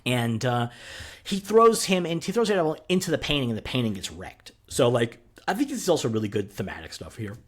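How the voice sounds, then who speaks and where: Husky, animated man recapping a show. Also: mid-range voice, a little fast. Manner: animated, swears freely, many fillers. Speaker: podcast co-host. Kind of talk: casual TV recap chat.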